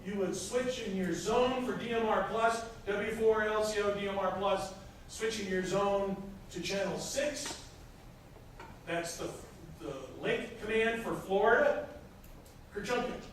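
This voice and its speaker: A man's voice: high-pitched, a little slow. Man lecturing in an echoey classroom. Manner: explains step by step with frequent hesitations. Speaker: instructor. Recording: echoey room from far off, faint noise.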